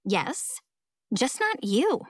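A woman's voice: medium pitch, sing-song, moderate pace, gravelly, no room sound, studio quality. A woman voicing a cold, possessive teenage schoolgirl who talks to her rival in an icy, taunting way.

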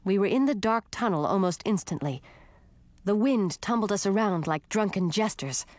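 A woman reading a first-person fantasy story with steady, expressive narration. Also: medium pitch, moderate pace, dry recording. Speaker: audiobook narrator.

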